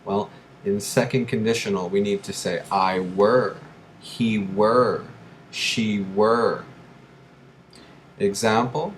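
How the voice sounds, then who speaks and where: Slow, deliberate male English teacher. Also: lowish voice, fairly even intonation, a little hiss or hum. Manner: slow, deliberate, repeats key phrases for learners. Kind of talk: grammar lesson.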